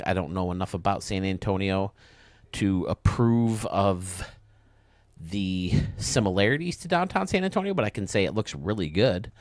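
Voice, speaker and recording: A young man with a lowish voice talks through game footage with casual enthusiasm. He sounds close to the mic in a dry, dead room. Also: no room sound. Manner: enthusiastic and casual, quick praise. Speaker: host. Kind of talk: video game commentary.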